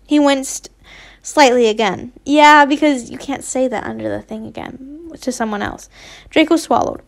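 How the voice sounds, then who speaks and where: A woman's voice: high voice, normal speed, vocal fry. A woman casually reading a fanfiction story aloud, often stumbling and correcting herself, with asides. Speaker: fanfiction reader.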